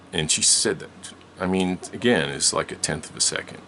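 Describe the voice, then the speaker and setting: A man's voice: low voice, normal speed, bright, forceful tone, slight background noise. An older man telling a long story from his childhood in a rambling way, with many restarts and frequent laughs. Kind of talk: casual storytelling.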